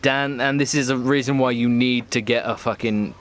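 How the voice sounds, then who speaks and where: A man's voice: mid-range voice, steady tone, moderate pace, fairly bright tone. A man streaming a video game, chatting casually with friends and swearing freely as he rambles. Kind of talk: casual chat over gameplay.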